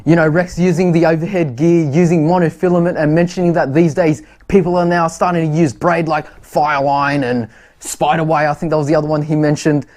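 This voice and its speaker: A man's voice: fairly high pitch, little pitch movement, fairly quick, darkish tone. A man presenting a fishing stream in casual commentary, chatty with laughing asides.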